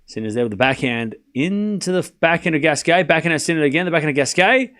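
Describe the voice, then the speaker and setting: Man, stream host, casual tennis play-by-play, teasing chat replies, animated voice. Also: on the high side, fast, clean tone. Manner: chatty, teasing, talks straight to his chat. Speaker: streamer doing a live tennis watchalong.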